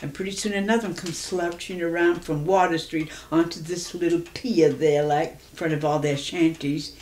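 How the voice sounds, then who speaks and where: A woman in her eighties reminiscing in an oral history interview, telling her stories in a lively way and acting out the dialogue. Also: low-pitched, moderate pace, slight background noise. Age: 80s. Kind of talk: reminiscing storytelling.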